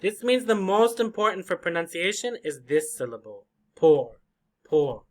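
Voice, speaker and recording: A man teaching an English vocabulary lesson, slowly repeating and drilling each word for learners. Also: high voice, very animated. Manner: slow, repetitive drilling of words.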